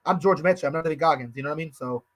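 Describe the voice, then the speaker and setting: A man in his thirties rattles along at a very fast clip in a rather high voice. He co-hosts a podcast in loose, slangy chat, and he keeps dropping "bro" and "you know" as he rambles on. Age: 30s. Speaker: podcast co-host.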